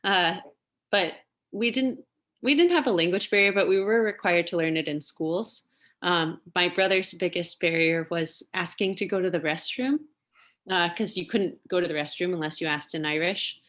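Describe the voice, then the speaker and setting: Chatty woman with a lower voice. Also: moderate pace, a bit bright. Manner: chatty, laughs often, lots of fillers. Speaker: interview guest, singer and lawyer. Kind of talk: casual storytelling interview.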